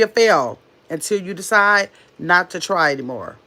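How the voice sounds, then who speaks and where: A woman hosting a casual live stream, chatting quickly and reading viewer comments aloud as she answers them. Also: fairly low pitch, animated, sharp tone. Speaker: livestream host.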